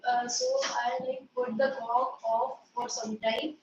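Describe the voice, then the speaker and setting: A woman's voice: high-pitched, big pitch swings, slow pace, creaky, dull audio. A teenage girl student telling her teacher about a lab mishap, hesitant and full of "like" and "uh". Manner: hesitant, many fillers like "like" and "uh". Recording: echoey room, distant mic, faint noise.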